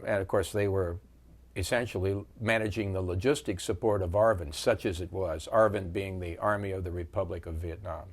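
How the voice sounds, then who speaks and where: An older man in his seventies recalls his time at war for an interviewer, and his low-pitched voice carries the account slowly and deliberately, broken by frequent pauses.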